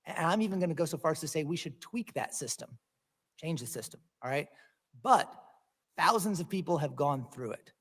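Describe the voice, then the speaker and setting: A man's voice: a little high, breathy edge. Man questioning in a reverberant hall. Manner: measured, pointed, hurried by time limit. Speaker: lawmaker questioning a witness at a hearing. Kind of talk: formal hearing questioning.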